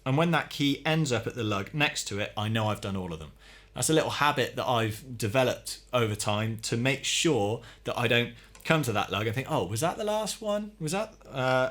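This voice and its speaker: A man giving a calm, methodical hands-on tutorial, explaining each step as he works on a drum. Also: mid-range voice. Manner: calm, methodical, talks while working. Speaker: drum teacher.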